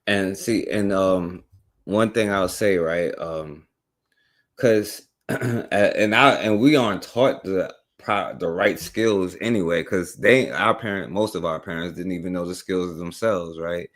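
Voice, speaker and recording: A man's voice: sits low, a little slow. A man hosting a casual podcast discussion, rambling with many fillers and restarts.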